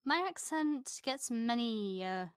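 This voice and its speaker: A woman's voice: fairly high pitch, animated, slow, clear, resonant tone, dry recording. Chatty northern English woman, dry sound. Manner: self-deprecating, chatty, laughs often. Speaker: YouTuber answering chat questions. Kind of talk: casual livestream Q&A chat. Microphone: new studio microphone.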